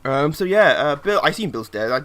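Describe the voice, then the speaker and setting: A man's voice: on the high side, sing-song, a little fast, fairly bright tone, slight background noise. A man co-hosting a casual chat, blunt and jokey, swearing casually. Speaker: podcast co-host.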